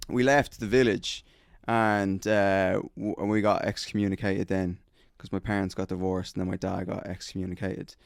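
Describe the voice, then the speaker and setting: A man's voice: deep voice, level tone, normal speed, vocal fry, few pauses, no room sound, studio quality. A man with a Dublin accent, co-hosting a podcast in casual, rambling, profane chat, recorded in a shed. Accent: Dublin Irish. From Dublin, Ireland. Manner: rambling, profane, full of restarts. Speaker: podcast co-host. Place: garden shed studio.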